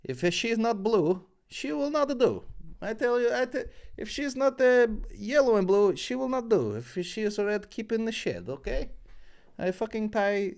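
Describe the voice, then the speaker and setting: A man's voice: high voice, expressive, normal speed, gravelly, pitched above the performer's own voice. A man voicing a boastful Eastern European farmer in a mock accent and broken English. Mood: brash. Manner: broken English, brash and yelling.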